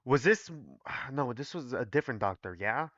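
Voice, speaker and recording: Rambling young male reaction host; bright tone, dull dry mic. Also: medium pitch, lively intonation, normal speed, no room sound. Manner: rambling, filler-heavy, chatty. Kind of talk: casual reading reaction.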